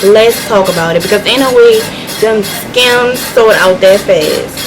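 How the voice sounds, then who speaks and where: A woman's voice: medium pitch, a little slow, low-quality recording. A woman vlogger speaking straight to camera in a theatrical, exasperated comic rant, repeating herself for effect. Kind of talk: dramatic comedic rant to camera.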